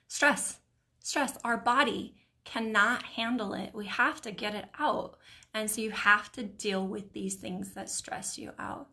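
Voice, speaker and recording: A middle-aged woman hosting a live video stream, reading viewers' comments aloud in a warm, encouraging, emotional way. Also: mid-range voice, measured pace. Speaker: host of a live mindset stream.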